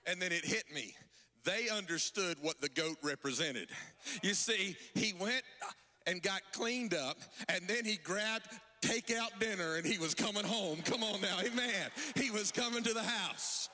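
A man's voice: high voice, measured pace, bright, forceful tone, big-room sound. A male pastor preaching a sermon in a rhythmic, sing-song cadence, repeatedly calling out to his congregation.

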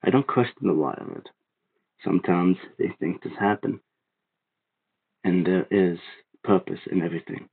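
A man voicing a calm, eerie man in black who comes for the dying, speaking softly and unhurried. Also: low-pitched, vocal fry, breathy edge, dry recording, voice pushed down, full character voice. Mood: solemn, low. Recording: tinny phone-like sound.

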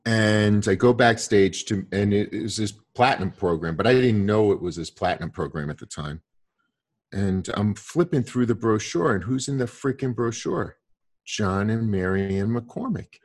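Husky man telling a lively story. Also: lowish voice, normal speed. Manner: animated, jumps into quoted voices of others. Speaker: guest storyteller. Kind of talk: casual conversational storytelling.

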